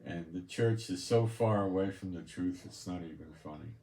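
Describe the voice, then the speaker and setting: This Israeli preacher and Bible teacher has a low voice and a moderate pace. Reading verses aloud with heavy stress, he mixes in blunt, scornful remarks, and the sermon echoes around the room.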